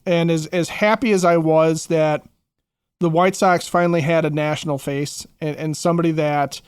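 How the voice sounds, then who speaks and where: A man's voice: fairly high pitch, fairly even intonation, moderate pace, smooth, no echo, clean studio sound. A man co-hosting a sports podcast, talking in long reflective runs with many restarts. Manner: rambling, reflective, lots of restarts. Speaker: podcast co-host. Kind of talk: casual sports podcast chat.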